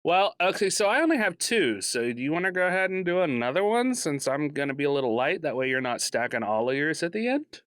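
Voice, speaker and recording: Guy cohosting a podcast, slightly high voice, jokes around a lot, laughs. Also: fast talker, few pauses, dry recording, studio quality. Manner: animated, laughs often, jokey asides. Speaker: podcast co-host. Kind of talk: casual chat.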